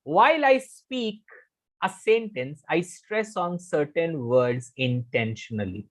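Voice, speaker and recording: Indian english guy coaching a live class, slow and deliberate, voice jumps up and down a lot, repeats stuff for emphasis. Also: a little high, expressive. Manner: emphatic, repeats key phrases, quizzes students. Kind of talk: live online English lesson.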